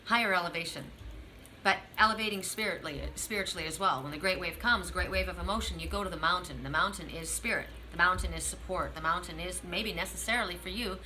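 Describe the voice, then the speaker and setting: A middle-aged woman with a bright, forward voice gives a spiritual oracle card reading. She speaks earnestly and straight to the listener, circling back to the same affirming phrases again and again. A faint hiss of noise sits under her voice. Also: on the low side, fast, rough recording. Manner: earnest, repetitive, affirming, addresses the listener directly.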